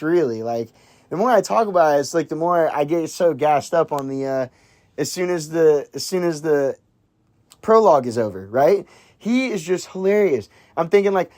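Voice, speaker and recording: Here a film reviewer rambles excitedly and casually about a movie in a medium-pitched voice, leaning on "like," starting over often, and cursing casually along the way.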